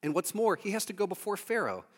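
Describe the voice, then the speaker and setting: A man preaching a storytelling sermon in a relaxed, humorous way, acting out little scenes as he goes. His voice sits fairly high for a man. A long reverb trails his words, as in a big sanctuary. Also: fast talker. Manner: conversational and humorous, with lively acted-out asides.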